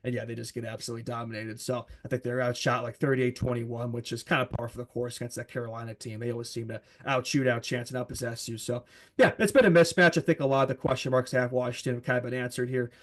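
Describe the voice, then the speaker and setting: Fast-talking man on a hockey show. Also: mid-range voice, steady tone, fairly bright tone. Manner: chatty, laughs often, many fillers. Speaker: co-host. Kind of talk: casual sports talk.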